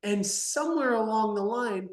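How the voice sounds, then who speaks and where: A man talking as a guest in an interview, animated and emphatic, swinging between loud bursts and soft asides. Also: high voice, normal speed, reverberant. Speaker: podcast guest, company founder. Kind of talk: energetic interview talk.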